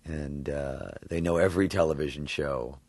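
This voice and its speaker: A man from New York with an extremely low voice talks about his acting work, animated and quick to laugh. He circles his thoughts with plenty of fillers and restarts. The sound is close and dry, as in a studio. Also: dry recording. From New York, USA. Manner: animated, laughs often, thinks aloud with fillers. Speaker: voice actor guest. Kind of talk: interview answers.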